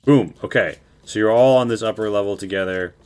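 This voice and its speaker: Deep voiced guy running a tabletop game, rambly, lots of ums. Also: fast, clean tone. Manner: loose and rambling, many fillers. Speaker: game master.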